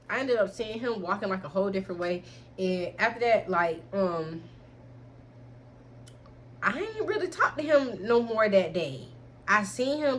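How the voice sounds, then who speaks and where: A woman's voice: medium pitch, slight background noise. A young adult woman vlogger telling a candid storytime in frank slang, keeps addressing listeners as y'all.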